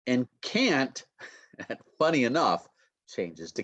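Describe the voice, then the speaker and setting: A university lecturer in an online pronunciation class speaks extremely slowly, his mid-range, fairly bright voice swinging hugely in pitch. Chatty, he peppers his talk with "okay" and checks in with listeners, using a computer mic on a video call that loses the highs.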